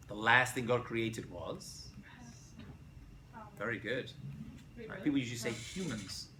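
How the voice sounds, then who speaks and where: A man, a rabbi, giving a casual classroom lecture to students, animated and often checking in with "right?". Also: medium pitch, unhurried, slight background noise. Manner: animated, asks students questions, frequent "right?". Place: college lecture room.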